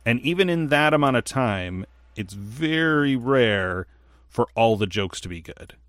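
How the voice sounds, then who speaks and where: A man co-hosting a casual podcast, telling stories in a rambling, animated way with lots of fillers. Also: mid-range voice, a little slow, no room sound, clean studio sound. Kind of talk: casual chat.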